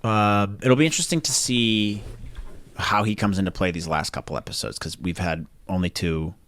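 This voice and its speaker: A podcast co-host with a fairly low, slightly bright voice chats casually at normal speed. He rambles, corrects himself, and keeps checking in with tag questions like "right?"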